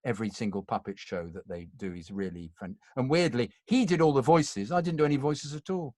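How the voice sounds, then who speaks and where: A man's voice: mid-range voice, brisk, a little mellow, dry recording, studio quality. A man in his sixties, an actor and interview guest, telling stories in a rambling way with many restarts and self-corrections. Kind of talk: casual anecdotal chat.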